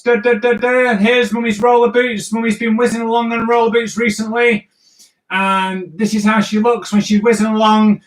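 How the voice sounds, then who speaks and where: A man's voice: extremely high pitch, sharp tone, low-quality recording. A man hosting a live drawing stream, chatting playfully and narrating each sketch as he draws.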